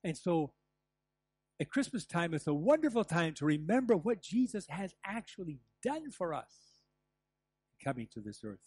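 Brief: older man, pastor, storytelling sermon, slightly high voice, dry close sound. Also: normal speed, no echo. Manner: animated storytelling with asides and laughs. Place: church.

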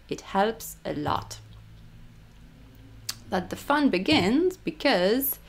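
A woman with a Hungarian accent leads a rhythm exercise, counting beats aloud and leaning hard on each "one." She speaks slowly, and her pitch rises and falls in a lively way. Metronome clicks and a faint hiss sit behind her voice. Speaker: music teacher. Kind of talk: instructional rhythm lesson.

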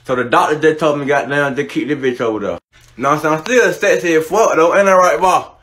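A young man, talking in casual comedic commentary, animated, slangy and quick to laugh and swear. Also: on the high side, slightly rough. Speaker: content creator.

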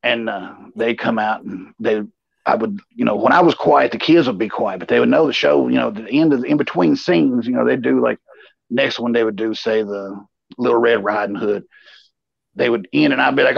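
Gravelly man telling stories. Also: mid-range voice, a little fast, no echo. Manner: rambling and animated, with lots of "you know". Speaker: co-host. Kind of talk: casual storytelling chat. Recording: slightly dull, lo-fi sound.

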